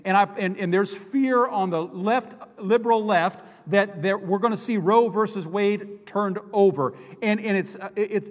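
A male pastor preaching an impassioned sermon, repeating and restarting phrases as he builds his points. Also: high voice. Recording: long hall reverb.

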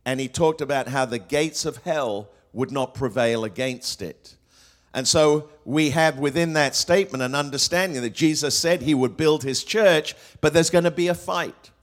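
A man's voice: a little high, normal speed. A man preaching a sermon to a congregation, asking rhetorical questions and weaving in quotes, with frequent fillers and restarts. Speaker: pastor.

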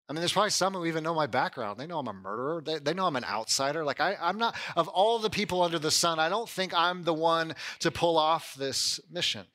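A male pastor delivering a sermon in a relaxed, conversational style. His voice is bright and sits a little high. He keeps checking in with the listeners and turns lively when he acts out someone's doubts. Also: fast talker, few pauses. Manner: conversational, animated when voicing doubts, frequent "like" and "right?".

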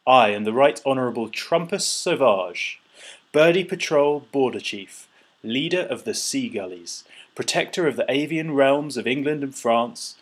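Pompous sneering seagull boss, overfed and loud, read by a man with a husky voice. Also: medium pitch, expressive, normal speed, natural voice. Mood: boastful. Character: pompous overfed male seagull border chief.

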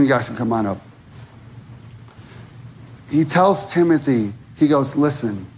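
A man preaching a sermon as pastor, telling stories and acting out dialogue, moving from hushed moments to rising intensity. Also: fairly high pitch, a little hiss or hum. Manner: animated storytelling, acting out dialogue. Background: music.

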